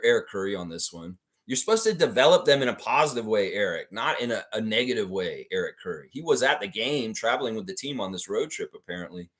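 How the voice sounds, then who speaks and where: A man's voice: lowish voice, fairly bright tone. A man hosting a live sports reaction stream, ranting profanely about the game. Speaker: livestream host.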